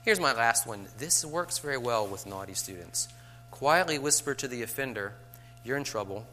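Bright male workshop speaker, joking, casual, plays out student lines. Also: mid-range voice, lively intonation, moderate pace, soft background music. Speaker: teacher giving a workshop to teachers. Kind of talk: casual lecture.

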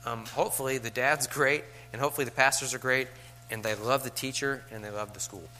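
Bright male workshop speaker, joking, casual, plays out student lines. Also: medium pitch, steady tone, fairly quick, slight background noise. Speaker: teacher giving a workshop to teachers. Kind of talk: casual lecture.

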